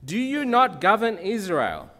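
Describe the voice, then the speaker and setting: A man voicing a fiery, domineering queen who scolds loudly and forcefully in a raised voice. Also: sits high, wildly swooping pitch, unhurried, in a large hall, pitched above the performer's own voice, heavily acted. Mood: scolding.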